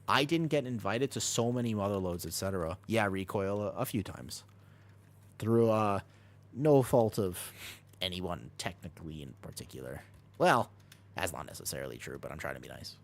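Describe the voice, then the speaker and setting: A man commentating his own game from a home streaming room, his voice rising and falling a lot as he reacts to the action. His voice sits on the low side, and he switches between coaching teammates and chatting with viewers. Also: expressive. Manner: talks fast over gameplay, jumps between coaching and chatting. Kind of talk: live gameplay commentary and chat.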